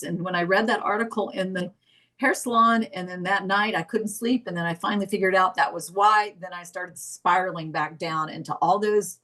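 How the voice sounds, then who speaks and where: A middle-aged woman shares her story as a volunteer in a live therapy session. Her voice is tearful and her talk halting, full of restarts and apologies, and her pitch sits in an ordinary middle range. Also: fairly bright tone, rough recording. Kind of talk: emotional personal account.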